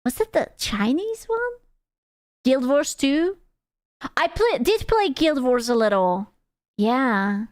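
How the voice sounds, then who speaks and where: A woman streamer rambles through her reactions with a playful, foul-mouthed ease. Her voice sits a little high and comes through smooth and resonant. The sound is dry and close. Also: expressive, slow pace, pauses often, dry recording. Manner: rambling, swears freely, playful. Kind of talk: casual reaction chat.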